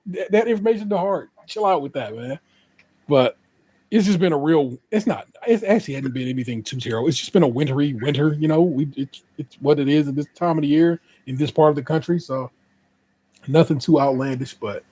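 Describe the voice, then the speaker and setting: A man's voice: fairly high pitch, animated, brisk, darkish tone, slightly rough. A man co-hosting a podcast in casual chat, laid-back and slangy, often laughing and repeating words. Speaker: podcast co-host.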